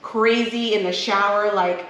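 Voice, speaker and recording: Measured in pace and a bit bright, this woman's medium-pitched voice keeps fairly even intonation as she co-hosts a podcast. She recounts personal stories in an earnest, open, emotional way during casual chat, in an echoey room with faint noise.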